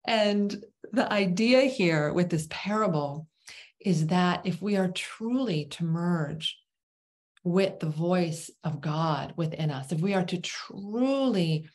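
A woman teaching as a spiritual teacher, telling a parable slowly with dramatic pauses and dropping into a whisper on key words. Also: fairly low pitch, expressive, a little mellow.

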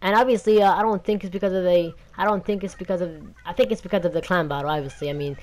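A man's voice: high voice, fairly even intonation, fast talker, darkish tone. A young man hosting a gaming channel, talking in a rambling, indignant and defensive rant.

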